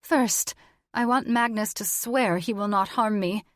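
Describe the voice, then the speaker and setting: A woman voicing a sultry, scheming female djinn who bargains haughtily, pitched well above her own voice. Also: measured pace, no room sound, studio quality, natural voice. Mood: haughty.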